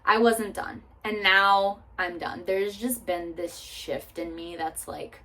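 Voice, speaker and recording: A woman's voice: fairly low pitch, fairly even intonation, slow pace, sharp tone. Emotional young woman in a candid chat. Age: 20s. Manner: earnest and emotional, casual swearing, many likes and restarts. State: close to tears at times. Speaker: vlogger.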